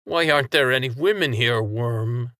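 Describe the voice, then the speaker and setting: A man's voice: mid-range voice, moderate pace, sharp tone, no room sound, clean studio sound, pitched above the performer's own voice, lightly acted. A man voicing a scornful male ferryman who taunts and pokes fun. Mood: taunting.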